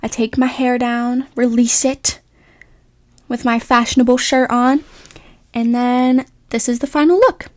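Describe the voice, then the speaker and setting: A woman's voice: fairly high pitch, fairly even intonation, a little slow, darkish tone, no echo. A young woman chatting through a makeup tutorial voice-over, rambling and self-mocking, full of "like" and "um". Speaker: beauty vlogger. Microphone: voice-over recorded separately.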